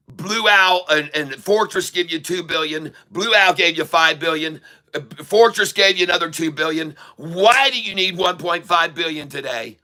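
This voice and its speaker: A man from Ireland hosting a stock market show, ranting furiously and profanely, repeating himself and sometimes shouting. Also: on the high side, normal speed. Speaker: stock market video host. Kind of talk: angry ranting market commentary. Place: Dublin, Ireland.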